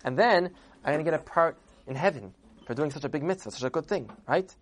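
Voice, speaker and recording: A man putting on a loud, pompous nobleman. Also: fairly high pitch, lively intonation, quick pace. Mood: fawning, baffled. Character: pompous, nasty nobleman lord.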